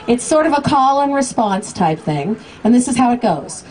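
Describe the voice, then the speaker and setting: High lively woman leading a live sing-along. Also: moderate pace, a little hiss or hum. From United States. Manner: playful and teasing, coaxing the crowd. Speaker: children's singer performing live. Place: outdoor Christmas lights event, crowd. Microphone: stage microphone through PA. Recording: live PA with music and crowd. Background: backing music and crowd.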